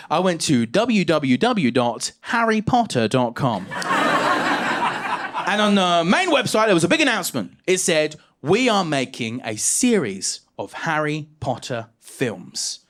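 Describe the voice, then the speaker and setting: A man in his thirties from England performing a stand-up comedy set, self-mocking and punchy. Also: on the high side.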